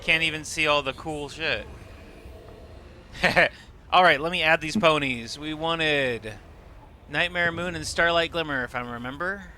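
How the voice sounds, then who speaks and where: A man's voice: on the high side, measured pace, pushed and bright, slight background noise. A man streaming a game live, explaining what he sees with enthusiasm and casual swearing. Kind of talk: live gameplay commentary.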